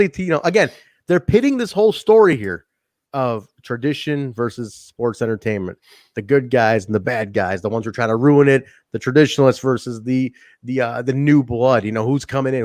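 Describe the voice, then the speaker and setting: Animated man chatting about wrestling. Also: medium pitch, no room sound, clean studio sound. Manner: animated, rambling, swears and laughs easily. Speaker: podcast co-host. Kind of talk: casual wrestling review chat.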